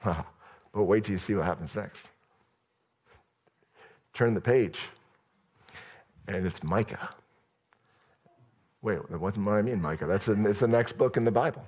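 A man's voice: on the low side, measured pace, pauses often, darkish tone, breathy edge. A male pastor giving a sermon in a conversational storytelling manner, addressing the church directly.

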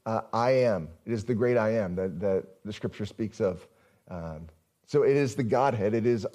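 A man's voice: medium pitch, darkish tone. A male pastor giving a conversational sermon, often asking the congregation questions.

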